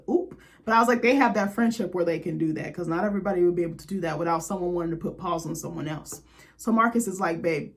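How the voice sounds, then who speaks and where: A young woman hosting a casual reality TV recap, sassy and profane, with quick asides to her viewers. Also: mid-range voice. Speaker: recap host.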